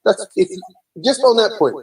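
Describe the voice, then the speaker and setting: A man's voice: sits high, expressive, normal speed, far from the mic, poor audio. A man with an Australian accent arguing bluntly in a livestream debate. He swears, presses his points and repeats words as he pushes on. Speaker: debate guest.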